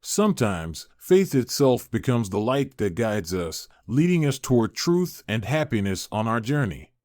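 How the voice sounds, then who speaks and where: A man narrating spiritual stories in a calm, gentle, reflective scripted reading. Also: medium pitch, measured pace, no echo, clean studio sound. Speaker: storyteller.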